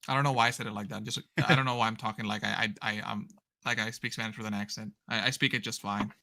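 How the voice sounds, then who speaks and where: A man's voice: lowish voice, flat delivery, fast talker, creaky, bright, forceful tone, a little hiss or hum. A man from Puerto Rico, co-hosting a card-game stream in casual chat, rambling and correcting himself as he reads chat aloud. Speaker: stream co-host.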